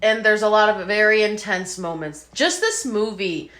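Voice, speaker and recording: A bright, sharp-toned woman chats her way through a casual podcast. She strings her thoughts together with plenty of fillers and drops the odd swear word without a second thought. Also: mid-range voice, normal speed. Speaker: podcast co-host.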